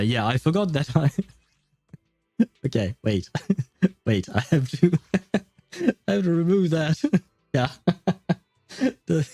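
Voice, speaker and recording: A man from France speaks English with a French accent in a loose, rambling live-stream chat. His voice is mellow and dark, recorded dry and close, with soft music faintly underneath. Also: medium pitch, no echo. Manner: rambling, chatty, laughs often, stumbles and restarts words. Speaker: game streamer.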